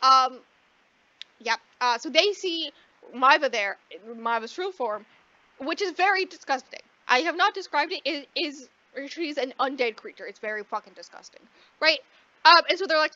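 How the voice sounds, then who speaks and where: A woman co-hosting a podcast, casually recapping a book in a rambling way, swearing freely and acting out the characters in quick asides. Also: sits high, lively intonation, bright, forceful tone, no echo. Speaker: podcast co-host. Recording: dull lo-fi dry recording.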